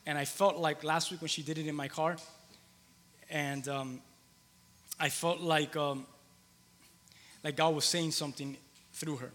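A man's voice: fairly high pitch, fairly even intonation, unhurried, pauses often, fairly bright tone, big-room sound. A man in his thirties preaching a conversational sermon in a church, repeating phrases for emphasis. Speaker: pastor. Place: church hall with long reverb.

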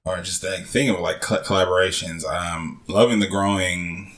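Deep-voiced laid-back man from Georgia. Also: fairly even intonation, normal speed, a bit bright. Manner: laid-back, agreeable, chiming in with short affirmations. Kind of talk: casual podcast chat.

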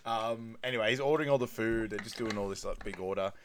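A man's voice: lowish voice, fast, fairly bright tone, slight background noise. Laid-back man, podcast co-host. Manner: laughs often, acts out movie quotes. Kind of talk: casual movie rewatch chat.

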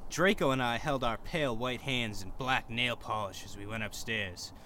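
A man's voice: mid-range voice, normal speed, bright, forceful tone, slight background noise. A man co-hosting a comedy podcast who reads fan fiction aloud with a wry, mocking tone and explains the jokes. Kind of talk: mocking reading aloud and banter.

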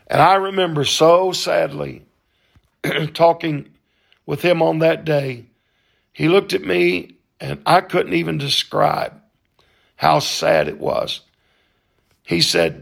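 A man telling a personal story in a slow, halting, earnest way, with frequent pauses. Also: fairly high pitch, animated, vocal fry.

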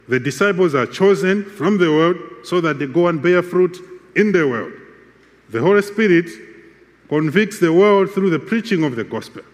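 A man preaching a sermon with a measured, emphatic delivery and repeated phrases. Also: a little high, in a large hall.

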